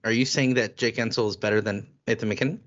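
Male podcast co-host, bright and animated, teasing, lo-fi sound. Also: lowish voice, fast. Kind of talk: casual sports chat.

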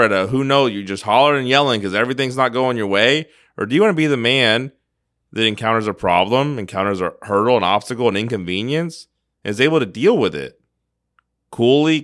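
A man's voice: mid-range voice, fairly bright tone, no room sound, studio quality. A man co-hosting a podcast, speaking earnestly and urging listeners with rhetorical questions. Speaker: podcast co-host. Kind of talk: motivational podcast talk.

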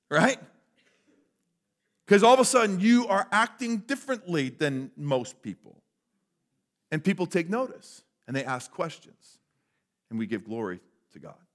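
Male pastor, fairly high voice, animated conversational preaching, drops to near-whisper for emphasis. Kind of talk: sermon. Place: church sanctuary.

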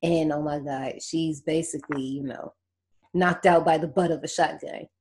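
A woman hosting a casual movie podcast, telling the story in a lively, slangy way and laughing often. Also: sits low, normal speed. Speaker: podcast host recapping a horror movie. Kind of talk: casual chat.

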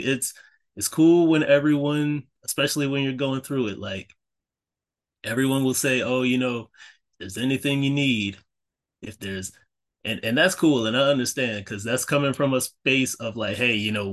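A man co-hosts a podcast with a mid-range, fairly bright voice. He speaks casually and earnestly, encouraging listeners through faith-driven talk full of fillers and self-corrections.

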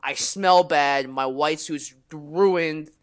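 A young man co-hosting a podcast, telling a story in casual chat, animated, swearing freely and acting out the people he quotes. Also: on the high side, drawn-out words. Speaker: podcast co-host.

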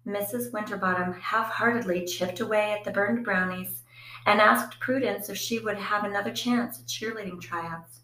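Woman, audiobook narrator, first-person story, quiet and reflective, mid-pitched voice, echoey room. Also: steady tone, moderate pace.

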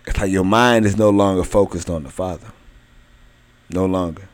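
A young adult man delivers a sermon in a somewhat low voice. He talks emphatically, repeating words and drawing out key phrases slowly for weight. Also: fairly even intonation. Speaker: preacher.

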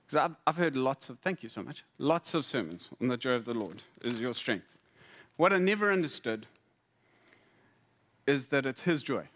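A man preaching a sermon to a congregation, conversational and humorous, with lively repetitions. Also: on the high side. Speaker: pastor. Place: church hall before a congregation.

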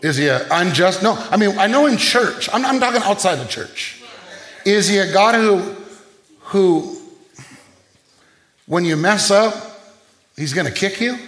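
A man with a high voice preaches a sermon, firing off questions and calling for responses. The sound rings out in an echoey room. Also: animated, a little slow, long pauses, a bit bright. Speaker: pastor.

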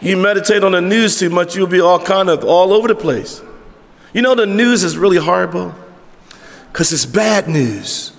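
A man with a notably high voice delivers a sermon as pastor in a church sanctuary, his words ringing with long reverb. He preaches emphatically but conversationally, throwing rhetorical questions to the congregation. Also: animated, normal speed, vocal fry.

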